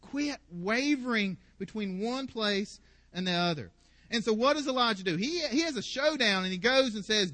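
A man preaching a sermon as pastor, animated and playful, acting out the people in the story with sarcasm. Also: sits high, moderate pace, dry recording.

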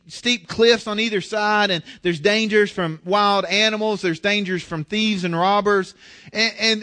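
A man's voice: sits high, pushed and bright. A male pastor preaching a sermon in an earnest way, often repeating words as he starts his sentences.

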